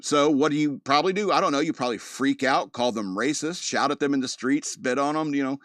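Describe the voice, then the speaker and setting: Guy doing a chatty news podcast, reads stuff out then riffs on it, middle pitch, super dry sound. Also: brisk, a bit bright, no room sound. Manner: reads news articles aloud with joking asides; loose and rambling, with filler words. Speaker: podcast host. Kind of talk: casual news commentary podcast.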